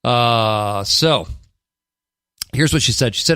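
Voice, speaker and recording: A man's voice: medium pitch, slow, pauses often, sharp tone, clear, resonant tone, no echo. A man hosting a talk radio show in a studio, giving blunt, emphatic opinions with frequent restarts. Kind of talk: casual talk radio commentary.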